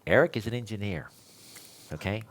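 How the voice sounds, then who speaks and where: A man's voice: lowish voice, brisk, fairly bright tone. A man teaching other instructors, telling a story in a panel discussion and acting out both sides of it. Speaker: electrical code instructor.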